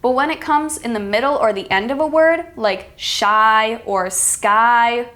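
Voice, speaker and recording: A woman with an American accent teaching a pronunciation lesson, speaking clearly and stressing words with care. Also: fairly high pitch, measured pace, a bit bright. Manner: calls herself extremely sarcastic. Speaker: accent coach. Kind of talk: teaching lesson with read-aloud examples.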